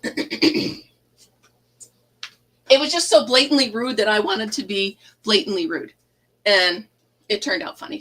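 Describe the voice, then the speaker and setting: A woman's voice: on the high side, pushed and bright, poor audio. A middle-aged woman hosting a casual live chat, telling a funny story and laughing often. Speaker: livestream host.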